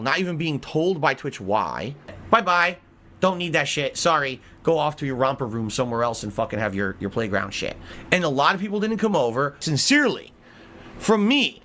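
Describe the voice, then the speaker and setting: A man streaming a video game, ranting angrily and swearing heavily, lurching from loud outbursts to low grumbles. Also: big pitch swings, moderate pace, a little hiss or hum. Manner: angry, profane ranting; swings between high outbursts and low grumbles. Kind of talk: gaming livestream commentary.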